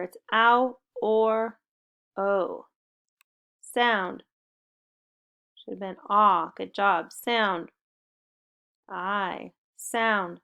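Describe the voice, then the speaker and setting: A woman's voice: medium pitch, creaky, pushed and bright, clean tone. A woman teaching a spelling lesson to young children, giving upbeat and encouraging step-by-step instructions. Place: home recording.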